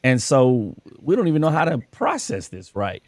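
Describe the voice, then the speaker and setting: A man's voice: medium pitch, wildly swooping pitch, moderate pace, darkish tone, dry recording. A man hosting a casual conversation, telling stories from his work as a coach and acting out the dialogue. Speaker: podcast host and school coach.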